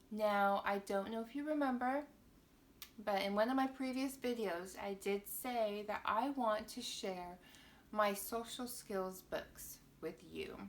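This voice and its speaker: A woman reading a children's picture book aloud to young viewers, with a playful, expressive storytelling manner. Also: medium pitch, slight background noise.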